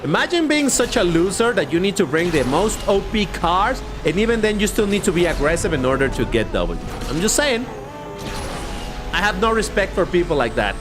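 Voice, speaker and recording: A man's voice: high-pitched, very animated, fairly quick, over music. A man giving chatty, opinionated live commentary while racing in a mobile game. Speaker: livestreamer.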